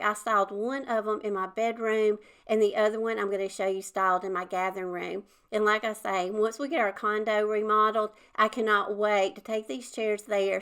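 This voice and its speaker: A woman's voice: medium pitch, fairly bright tone. A middle-aged woman, chatting in a homey way as she shows her craft projects to viewers. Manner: chatty and homey, says "y'all" often. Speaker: DIY home decor channel host. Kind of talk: casual how-to narration.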